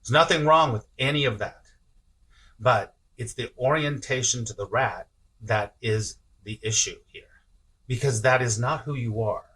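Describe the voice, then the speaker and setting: A man's voice: medium pitch, a little slow, sharp tone, husky. A man giving a casual spiritual talk on a live stream, reading viewer comments aloud, often chuckling and repeating himself. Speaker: spiritual teacher.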